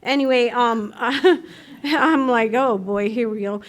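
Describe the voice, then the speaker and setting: Animated high-voiced woman telling her story. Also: slow pace. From United States. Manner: animated storytelling, acts out voices, laughs often. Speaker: AA meeting speaker. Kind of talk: personal recovery talk. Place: meeting room.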